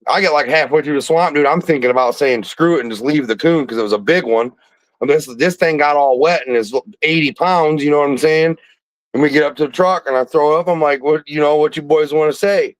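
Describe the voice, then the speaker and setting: A man's voice: a little high, fairly quick, no room sound, low-quality recording. A man hosting a podcast, telling a rambling, profane hunting story with laughs, in a casual chat. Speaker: podcast host.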